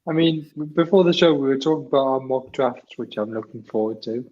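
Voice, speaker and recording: A man's voice: medium pitch, brisk, darkish tone. A man co-hosting a podcast, chatting in a loose, rambling way with frequent restarts. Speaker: podcast co-host. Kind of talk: casual chat. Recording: dull lo-fi remote mic.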